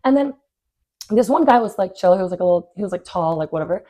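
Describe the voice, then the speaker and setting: A young woman co-hosting a casual podcast, her voice sitting at an ordinary middle pitch. She tells stories in an animated, blunt way, with a steady stream of fillers and the odd swear. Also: quick pace. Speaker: podcast co-host. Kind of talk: casual storytelling chat.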